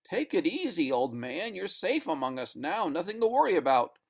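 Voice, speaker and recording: A man doing a calm rescuer. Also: a little high, moderate pace, voice pushed up. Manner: calm and reassuring. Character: calm male spaceship rescuer, soothing.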